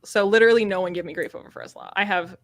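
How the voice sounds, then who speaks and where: A woman's voice: lowish voice, racing. A woman hosting a casual live chat about books, talking in a chatty, rambling way with lots of fillers. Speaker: book channel host.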